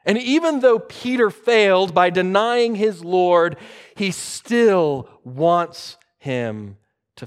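A man preaching a sermon, moving between loud emphatic lines and quiet, hushed ones. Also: high-pitched.

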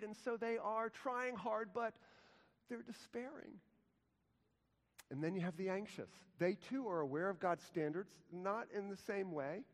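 A male pastor delivers a sermon in a slightly high voice, moving from ringing, emphatic declarations down to hushed, slow words. His voice carries a long reverb from a church sanctuary. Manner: impassioned preaching with wide swings from loud to hushed.

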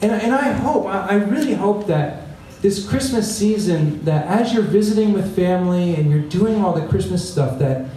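A man's voice: high voice, lively intonation, moderate pace, few pauses, mellow, slight background noise. A man delivering a conversational sermon as a pastor, often checking in with the congregation by asking "right?". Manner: conversational preaching with frequent "right?" asides. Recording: echoey room, voice from a distance.

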